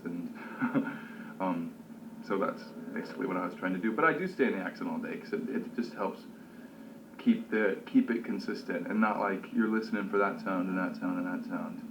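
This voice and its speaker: A male actor talking about his role in a casual interview, thoughtful and relaxed, with many fillers and restarts. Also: on the low side, noisy background. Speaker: actor discussing his character. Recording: slightly dull, roomy recording.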